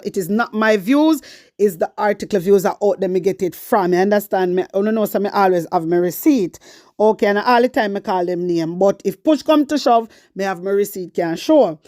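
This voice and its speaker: A woman's voice: mid-range voice, normal speed, a little mellow, no room sound, clean studio sound. A woman with a Jamaican accent hosting her own commentary channel, talking politics in a fiery, preachy way and often asking her viewers if they understand. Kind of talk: casual political rant.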